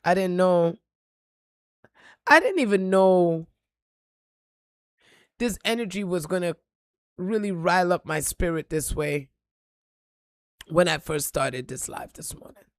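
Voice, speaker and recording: A woman giving an impassioned, profane motivational talk on a live stream, repeating lines and building to shouts. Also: lowish voice, lively intonation, slow, long pauses, no echo, studio quality. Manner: preachy, profane, rising to shouts.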